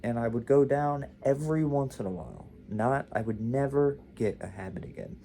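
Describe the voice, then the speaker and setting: Man, casual storytime monologue, rambling, self-interrupting, mellow tone, mid pitch. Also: animated, moderate pace, a little hiss or hum. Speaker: vlog host.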